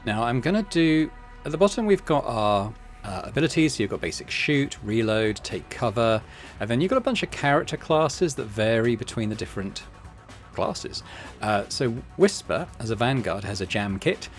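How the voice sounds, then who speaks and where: A man's voice: medium pitch, lively intonation, normal speed, faint music behind. A man hosting a casual let's-play, chattily explaining game systems with many fillers. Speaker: gaming channel host.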